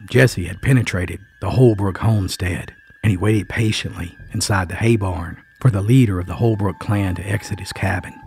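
Low-voiced man telling a dark folk tale. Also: slight background noise. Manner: suspenseful, folksy storytelling with emphatic asides. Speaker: storyteller. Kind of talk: dramatic scripted narration. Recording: faint music underneath.

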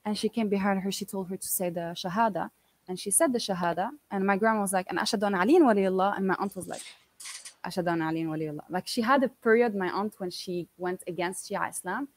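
A woman in her twenties telling a personal story in an interview, animated and blunt, often quoting what people said. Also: mid-range voice, fast, no room sound, poor audio. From Canada. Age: 20s. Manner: animated, quotes others often, swears casually. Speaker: guest.

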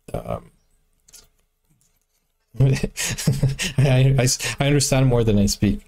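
A man's voice: mid-range voice, slow pace, creaky, pauses often, darkish tone. A man hosting a reaction video, chatting casually, laughing at himself and tripping over his words. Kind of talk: casual chat.

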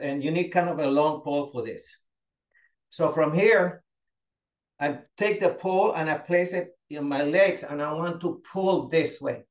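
Male instructor, encouraging, cueing each move, slightly high voice, roomy dull sound. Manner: encouraging, calls students by name. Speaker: fitness instructor. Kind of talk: live class instruction. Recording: echoey, dull lo-fi room sound.

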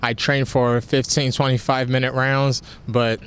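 Candid young man, faint rumble behind. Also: flat delivery, measured pace. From family from Nigeria. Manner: candid, emotional, gets choked up. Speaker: fighter interviewed after a win. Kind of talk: post-fight interview.

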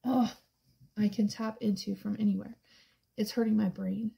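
Woman audiobook reader, dark gravelly voice, quiet and intimate. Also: mid-range voice, little pitch movement, normal speed, dull audio. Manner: quiet, intimate, dropping to soft whispers. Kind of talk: first-person novel narration.

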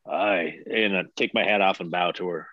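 A man playing a tabletop game, speaking up loudly for his character. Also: sits low, normal speed, no room sound, dull audio. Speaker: player.

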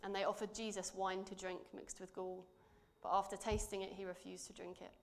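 A woman preaching in church, reading scripture and speaking in a measured, earnest way that drops softly for emphasis. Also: mid-range voice, little pitch movement.

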